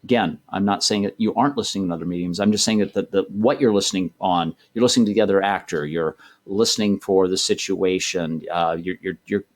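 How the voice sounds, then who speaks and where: Middle-aged man, very low voice, thoughtful, rambling interview guest. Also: fast talker, few pauses. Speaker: voice director guest. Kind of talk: casual interview talk.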